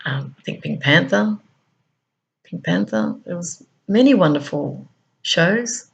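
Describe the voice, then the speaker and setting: Woman, Australian accent, middle-aged, husky voice, earnest reflective monologue. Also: lowish voice, expressive, muffled recording. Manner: earnest, unhurried, with frequent laughs. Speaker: speaker on a talk show.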